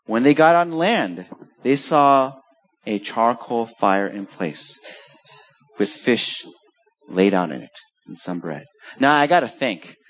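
A man preaching a sermon, telling a story with lively acted-out quotes. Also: on the low side. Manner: animated storytelling, acts out quoted voices. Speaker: pastor.

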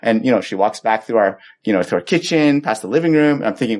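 A man's voice: medium pitch, fast, few pauses. A man preaching a sermon in a conversational, storytelling way, acting out the quoted exchanges. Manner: conversational storytelling, animated when quoting himself. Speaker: pastor.

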